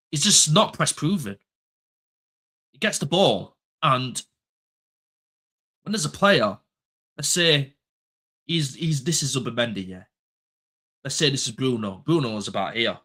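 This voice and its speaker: A young man ranting about his football club in a casual chat show, his voice bright and forceful. He hammers home each point by repeating it and swears without a second thought. His pitch sits in the ordinary middle range for a man. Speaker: football fan pundit.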